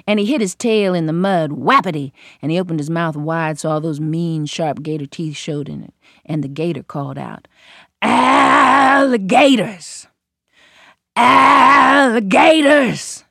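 A woman telling a folktale in a lively, rhythmic way with playful sound words. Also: sits low, moderate pace, no room sound, studio quality. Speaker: storyteller. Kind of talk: folktale storytelling.

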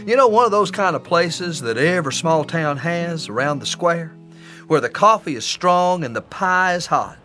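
A man telling a comic story in a folksy, drawn-out descriptive way. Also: fairly high pitch, expressive, sharp tone, soft background music.

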